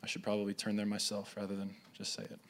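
Guy preaching at a church gathering, reads scripture out loud, stumbles and restarts now and then. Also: fairly low pitch, monotone, fast talker, a little hiss or hum. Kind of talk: sermon.

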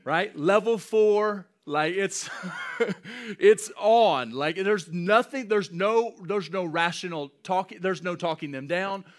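A man preaching a sermon, animated and often chuckling as he acts out scenes. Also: high-pitched, slow. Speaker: pastor.

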